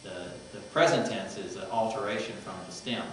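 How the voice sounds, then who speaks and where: A male professor talks through Greek grammar in a relaxed, explanatory classroom manner. He is heard from a distance in a very echoey room, with a faint hum underneath. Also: lowish voice, brisk. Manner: explanatory, parses Greek forms aloud, conversational asides. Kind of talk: classroom lecture.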